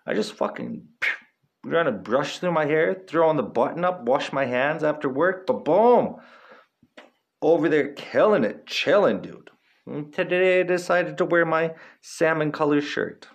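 A man's voice: on the high side, animated, unhurried, muffled recording. A man in his thirties hosting a podcast, rambling casually in a laid-back, profane, slangy way with frequent laughs. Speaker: podcast host.

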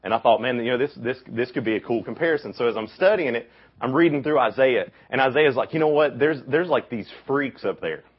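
A young man with a deep voice gives a casual youth camp sermon, telling stories and acting out the quotes with lively energy. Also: brisk, slightly rough. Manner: animated storytelling, acts out quotes. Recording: dull lo-fi recording.

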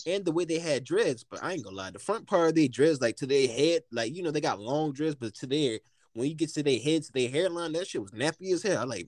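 A young man with a fairly high, very lively voice spins a casual story, profane and laughing. He is recorded close and dry, with no room sound. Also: quick pace, no echo. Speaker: podcast co-host.

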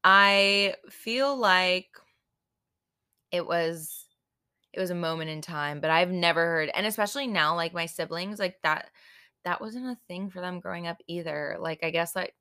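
A woman's voice: fairly low pitch, measured pace, sharp tone, smooth. A woman in her twenties hosting a podcast, chatting casually and rambling, full of fillers, frank and playful with swearing. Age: 20s. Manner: rambling, full of "like" and "I don't know". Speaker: podcast host. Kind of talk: casual solo podcast chat.

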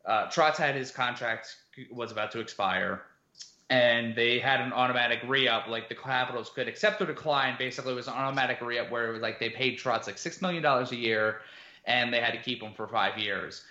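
A man's voice: medium pitch, a little fast, pushed and bright. A man co-hosting a casual sports podcast, rambling through his analysis with lots of fillers. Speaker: podcast co-host. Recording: roomy, dull lo-fi sound.

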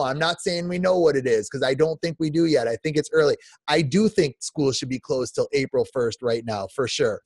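Fired-up dad in his 40s venting on a podcast, mid-pitch, dry close mic, keeps stumbling and restarting. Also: dry recording. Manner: emotional, repetitive restarts, says "man" often. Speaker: podcast guest. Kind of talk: impassioned podcast rant.

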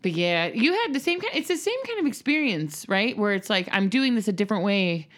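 A woman's voice: mid-range voice, fairly quick. A woman in her thirties, a mother, chatting casually on a podcast and laughing as she tells stories. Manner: laughing, animated storytelling. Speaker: podcast co-host. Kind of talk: casual chat.

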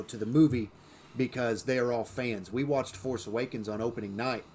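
Chatty man telling stories, faint hiss. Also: medium pitch. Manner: storytelling, many fillers and restarts. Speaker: podcast co-host. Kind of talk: casual chat.

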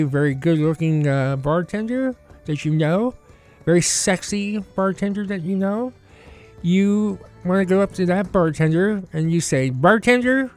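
A man co-hosting a casual talk show, rambling with lots of fillers and laughing often. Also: high-pitched. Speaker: podcast co-host. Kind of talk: casual chat.

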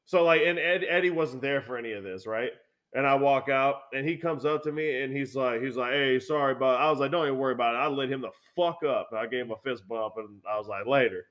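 A man telling a work story in a casual, profane chat, acting out the lines of coworkers with animated delivery. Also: medium pitch, quick pace. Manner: animated, swears a lot, acts out coworkers' lines.

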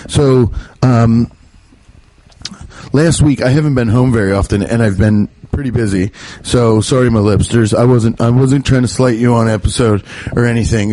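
A man's voice: steady tone, moderate pace, dark tone. Rambling, jokey man hosting a podcast. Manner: rambling, jokey, profane, pitch jumping up when worked up. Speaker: podcast host. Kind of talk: casual comedic monologue. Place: his bedroom. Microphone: podcast mic while pacing.

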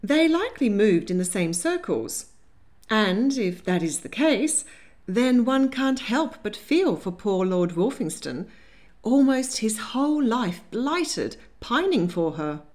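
A woman's voice: a little high, sing-song, moderate pace, few pauses, darkish tone, voice pushed up. A woman playing a gushing, airy society matron. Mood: effusive. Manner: airy, effusive, sentimental. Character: gushing romantic aristocratic mother, older woman.

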